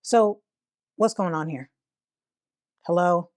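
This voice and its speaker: Woman, YouTube commentator, casual commentary, sarcastic and incredulous, lowish voice, dry close sound. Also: a little fast, pauses often, a little mellow, no room sound.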